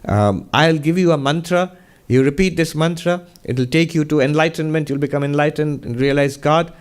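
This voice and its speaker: A stern, wise wandering holy man speaks, as a storyteller puts him on, higher and louder than a plain talking voice. His delivery is raised and emphatic, scolding his pupil. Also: moderate pace, lightly acted. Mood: coaxing. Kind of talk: storytelling a parable.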